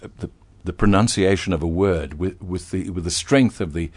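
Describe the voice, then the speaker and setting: An older man with a husky, lowish voice talks as an interview guest. He tells anecdotes with animation and stumbles over frequent restarts. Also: moderate pace. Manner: animated storyteller, stammers on restarts. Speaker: veteran broadcaster, guest. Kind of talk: interview conversation.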